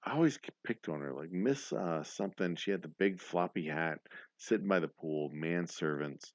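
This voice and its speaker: A tipsy man, hosting a casual livestream and rambling fast. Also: low-pitched, no echo, muffled recording. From Texas. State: tipsy, slurring. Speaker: livestream host.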